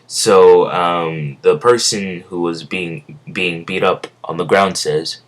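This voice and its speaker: A man's voice: low voice, steady tone, slow pace, few pauses. A young man improvising a fan story, rambling with many fillers and self-corrections. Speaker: amateur storyteller.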